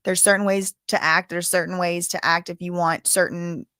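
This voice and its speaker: A woman's voice: lowish voice, flat delivery, moderate pace, sharp tone, dry recording, studio quality. Chatty woman explaining legal procedure. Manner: conversational and explanatory, with fillers and restarts. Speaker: legal commentary channel host. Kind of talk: casual live-stream commentary.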